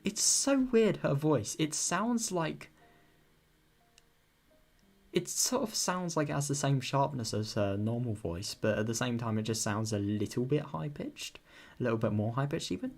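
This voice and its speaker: A man's voice: mid-range voice, animated, measured pace, creaky, faint music behind. A man reading a visual novel aloud and breaking off into chatty, rambling commentary. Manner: rambling, chatty asides with frequent laughs. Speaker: let's-play reader.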